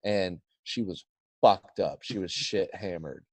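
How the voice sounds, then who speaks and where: Young man, Californian accent, lowish voice, dry close sound, profane blunt storyteller. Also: measured pace, no room sound. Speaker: podcast guest. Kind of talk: casual storytelling.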